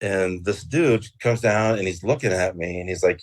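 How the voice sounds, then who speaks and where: A man's voice: sits low, fairly even intonation, normal speed, hardly any pauses. A man guest on an interview show, telling a rambling story casually with plenty of swearing and fillers. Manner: rambling and profane, with many fillers.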